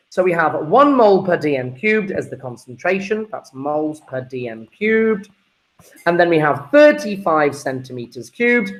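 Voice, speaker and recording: A male teacher works through an exam paper step by step, with a voice that sits a little high for a man. He is chatty and informal, calling his students guys and folks as he explains. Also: rough recording. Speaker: chemistry teacher.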